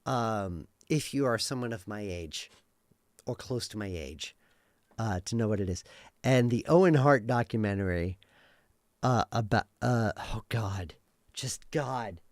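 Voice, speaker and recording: A man in his thirties chatting casually on a live stream, rambling and animated, swearing freely and filling his speech with likes and uhs. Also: on the low side, unhurried, no room sound.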